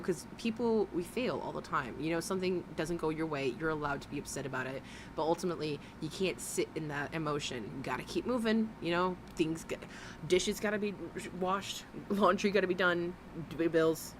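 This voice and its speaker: A woman's voice: low-pitched, background noise. A woman giving blunt, mocking reaction commentary, swearing freely as she talks over a clip. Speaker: commentary host.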